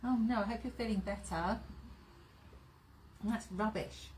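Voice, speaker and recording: A woman's voice: mid-range voice, measured pace, a little hiss or hum. Chatty woman hosting a sewing live stream. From England. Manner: chatty, warm greetings to viewers, laughs often. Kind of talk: casual live-stream chat. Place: sewing room.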